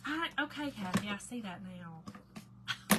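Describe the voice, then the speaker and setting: Her voice sits at medium pitch, expressive and unhurried, as she runs a casual live craft demo. Warm greetings go out to chat viewers by name, though she frequently lowers to quiet mumbles while concentrating. Background noise is noticeable.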